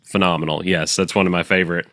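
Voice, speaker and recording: A man's voice: deep voice, little pitch movement, fast talker, bright, forceful tone, no room sound, clean studio sound. A man hosting an interview, eager and enthusiastic as he asks his questions. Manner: enthusiastic fan asking questions. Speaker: podcast host interviewer. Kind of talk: casual interview.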